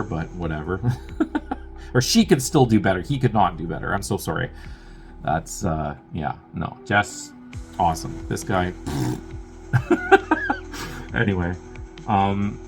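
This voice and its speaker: A young man with a somewhat low voice hosts a movie review and retells the plot in a loose, rambling way. He swears freely and drops wry asides between lots of filler words. Faint music plays behind him. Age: young adult. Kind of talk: casual spoken film recap.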